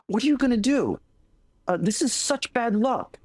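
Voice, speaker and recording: A man voicing over-excited village neighbors in a told story, with exaggerated sing-song exclamations. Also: very high-pitched, moderate pace, dry recording, studio quality, pitched above the performer's own voice. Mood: fretful. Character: gossipy village neighbors, fretting and gushing.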